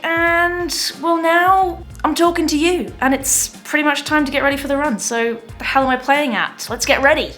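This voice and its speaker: A woman's voice: high voice, a bit bright. Chatty, playful woman vlogging. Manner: chatty, playful and self-mocking. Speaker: marathon runner vlogger. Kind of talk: casual vlog chat to camera. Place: indoors at a mountain training base. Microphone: handheld camera mic.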